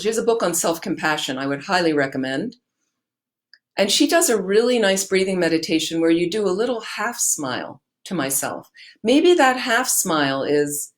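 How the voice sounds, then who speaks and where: Woman meditation teacher, slightly low voice, warm, encouraging Dharma-talk delivery. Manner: gentle, encouraging, repeats key phrases. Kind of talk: Dharma teaching, answering questions.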